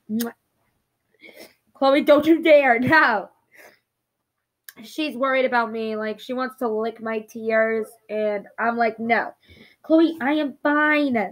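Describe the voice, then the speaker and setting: A woman's voice: on the high side, rough recording. A young woman vlogging at home, emotional and apologetic, talking through tears. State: crying. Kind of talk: casual talk to camera.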